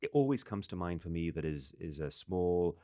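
A man, a chef guest on a radio show, speaking in a measured way. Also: sits low, animated, warm tone, no echo. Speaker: chef and TV judge, studio guest. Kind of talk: casual radio chat. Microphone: studio microphone.

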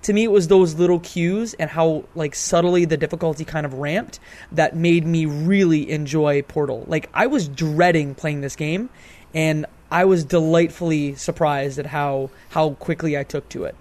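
Rambling man, slightly high voice. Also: moderate pace, darkish tone. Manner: rambling, hedging with fillers. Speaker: podcast co-host. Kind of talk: casual game discussion.

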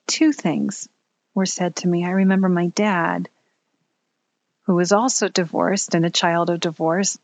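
A woman telling a personal story in a candid, earnest way, pausing at the emotional moments. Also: lowish voice, fairly even intonation, no room sound.

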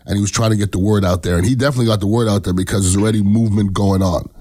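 A man's voice: fairly low pitch, fairly even intonation, racing, warm tone. A man giving a casual political commentary monologue, emphatic, blunt and profane, often checking in with "okay?".

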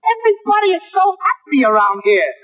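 Squeaky chubby young hustler, naive and rambling, tinny old radio sound. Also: male voice, very animated, brisk, faint music behind. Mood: goofy. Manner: naive, rambling comic banter. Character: chubby, dim-witted young male street hustler. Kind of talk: 1940s radio comedy acting.

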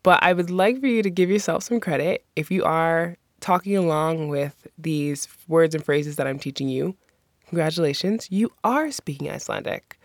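A woman teaching common phrases in a patient, encouraging way, slowing down and repeating each one to model how it sounds. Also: low-pitched, no room sound, studio quality. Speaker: language teacher. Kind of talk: phrase lesson with slow repetition.

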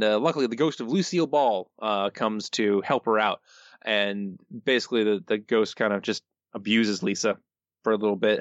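A man co-hosting a podcast, recapping an episode in a laid-back, deadpan way. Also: on the low side, no room sound, muffled recording. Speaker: podcast co-host. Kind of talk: casual chat, recapping an episode.

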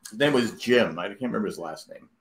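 A man's voice: fairly low pitch, animated, fast. A middle-aged man hosting a podcast in casual chat. He tells rambling stories and acts out quoted lines. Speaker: podcast host.

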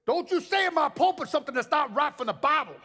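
A man's voice: very high voice, animated, fast talker, sharp tone, in a large hall, voice pushed up, exaggerated voice. A man voicing a stern older male pastor who speaks with commanding warnings.

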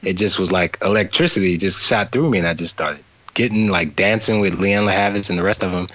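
A man from New Orleans, a guest in an interview, telling a story in lively detail over a remote call that cuts out. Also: deep voice, a little fast, no room sound, dull audio. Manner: animated retelling with quoted voices and laughter. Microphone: remote call, cutting out.

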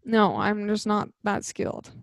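A woman's voice: mid-range voice, sing-song, a little slow, gravelly, dry recording, clean studio sound. A young woman co-hosting a podcast, bubbly and upbeat in casual chat. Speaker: podcast co-host.

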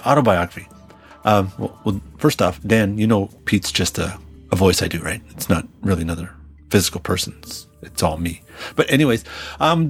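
A man's voice: mid-range voice, breathy edge. A man hosting his podcast in a chatty, rambling, joking way. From Canada. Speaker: podcast host. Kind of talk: casual podcast chat.

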